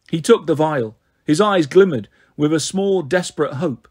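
A man reading a novel aloud in a steady storytelling voice, giving the characters their own voices. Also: on the high side, moderate pace, hardly any pauses, slightly rough. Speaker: audiobook reader.

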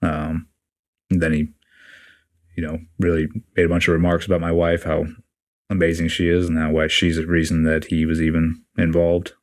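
A man's voice: deep voice, normal speed. A man in his forties, a podcast guest, telling his story bluntly and casually, swearing freely and acting out what others said. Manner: blunt, profane, animated retelling with quoted dialogue. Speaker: podcast guest, retiring Navy SEAL chief.

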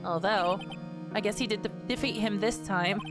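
A woman's voice: mid-range voice, normal speed, over music. A woman streaming a video game, reading its dialogue aloud and commenting irreverently, swearing freely.

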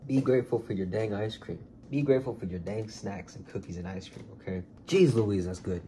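A man vlogging casually, excitable and gushing, with a heartfelt, sincere way of signing off. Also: lowish voice, normal speed, noisy background. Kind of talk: casual food vlog.

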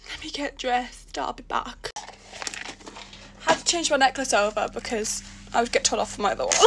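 A woman's voice: a little high, moderate pace, gravelly, background noise. A teenage girl chatting while getting ready for school, dramatic and exasperated, laughing often. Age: teens. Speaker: vlogger. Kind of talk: get-ready-with-me vlog.

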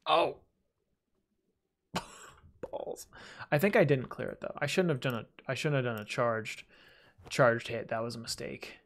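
A man with a gravelly, fry-edged voice talks through a game as he plays it. He rambles casually, mutters to himself, and pokes fun at his own slip-ups. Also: medium pitch, very animated, measured pace, pauses often, a bit bright. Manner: chatty, self-deprecating, talks to himself while playing. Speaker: gaming video host. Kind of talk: casual let's-play commentary.

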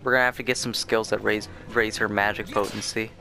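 A man's voice: lowish voice, flat delivery, a little fast, bright, forceful tone. A young man hosting a let's play, giving casual, rambling commentary with lots of fillers and restarts as he plays. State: sleepy, yawning. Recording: faint game music behind.

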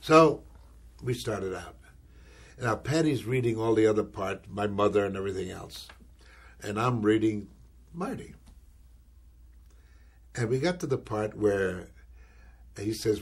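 Husky older man telling a story. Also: medium pitch, normal speed, pauses often. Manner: animated, acts out quoted voices, frequent "you know". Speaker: actor recalling his career. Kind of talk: anecdotal interview storytelling.

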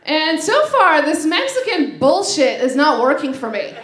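A woman's voice: sits high, very animated. A woman doing a stand-up set on a club stage, brash and profane, checking in with the crowd after each joke, into a handheld mic. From Lebanese family. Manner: brash, profane, quick asides with "right?". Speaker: stand-up comedian. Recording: echoey club, crowd noise.

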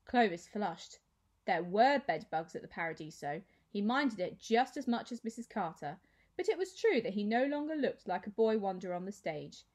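A woman teacher reading a children's novel aloud with expressive storytelling. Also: medium pitch, normal speed.

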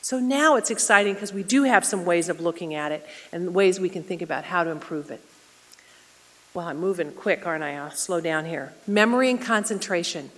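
A woman's voice: fairly low pitch, a little fast, a bit bright. Middle-aged woman nurse, conversational lecturer who quizzes the audience, recorded with hall reverb. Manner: conversational, asks the audience questions. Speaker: nurse presenter. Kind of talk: community health lecture.

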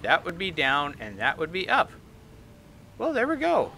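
A man playing a video game, chatting excitedly and reading the on-screen text aloud. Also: on the high side, moderate pace, slight background noise. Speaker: gaming YouTuber. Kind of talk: let's play commentary. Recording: light game music behind.

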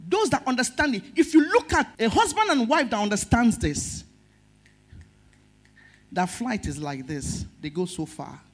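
Nigerian lady pastor preaching, husky voice, pitch jumping all over, gets loud then goes soft. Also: lively intonation, a little slow. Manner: emotional, swinging between loud stress and soft. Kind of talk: sermon.

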